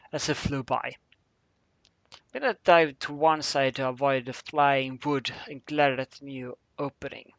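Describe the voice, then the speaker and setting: Halting male reader in a dry room. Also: mid-range voice, a bit bright, no room sound. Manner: halting, with fillers and misread words. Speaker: narrator. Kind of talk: amateur reading of fan fiction.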